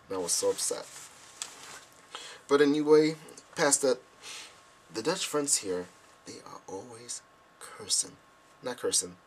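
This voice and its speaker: With a fairly low voice, a young vlogger speaks at a moderate pace and pauses often, sharing stories casually with friends back home. He animatedly acts out his own reactions, and slight background noise can be heard.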